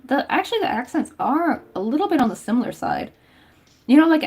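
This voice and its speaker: A woman's voice: a little high, a little mellow. A young woman from Tennessee with a light Southern accent, chatting casually and rambling while she crochets on a livestream. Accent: Southern American. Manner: chatty and rambling, lots of "like" and laughs.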